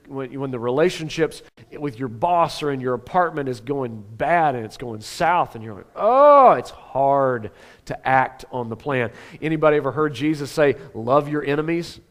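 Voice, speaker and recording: Pastor, male, higher register, preaching with lively swings from exclaiming to near-whisper. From Oklahoma. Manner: animated, with sudden loud exclamations and hushed asides. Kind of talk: sermon. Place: church sanctuary.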